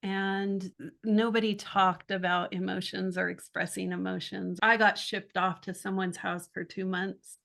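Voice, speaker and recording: A woman in her sixties, a children's author guesting on a podcast, talking in a reflective, warm way with light laughs between thoughts. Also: mid-range voice, level tone, measured pace, vocal fry. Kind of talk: conversational interview.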